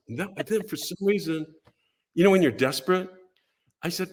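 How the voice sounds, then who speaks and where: An older man tells a long story as a talk show guest, his pitch rising and falling a great deal. He slips into the voices of the people he quotes, keeping the telling animated and theatrical. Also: moderate pace, pauses often, slight background noise. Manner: lively, acts out voices and quotes in his stories.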